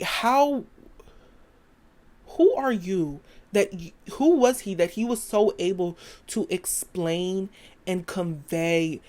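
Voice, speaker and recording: A woman with a lowish, slightly mellow voice hosts her own podcast, delivering a casual opinion monologue. She talks in a rambling, emphatic stream of thought and stops now and then to quote song lyrics.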